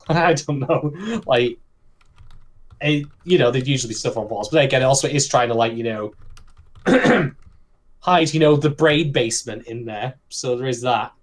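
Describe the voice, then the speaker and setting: A man's voice: medium pitch, moderate pace, long pauses. A man co-hosting a podcast, recapping anime episodes in a chatty, swearing style, often laughing as he talks. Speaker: podcast co-host. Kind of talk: casual anime discussion.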